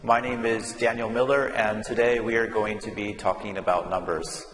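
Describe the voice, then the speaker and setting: A man's voice: on the low side, steady tone, moderate pace, a crowd in the background. A man teaching English numbers, speaking patiently and drilling words for listeners to repeat in a classroom. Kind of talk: slow classroom explanation. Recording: echoey room with long reverb and faint hum.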